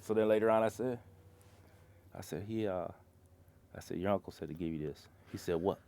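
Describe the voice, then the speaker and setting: A man's voice: low voice, a little fast, mellow, no echo. A man in casual bar talk, telling profane stories about his job as a concrete truck driver and acting out his coworkers.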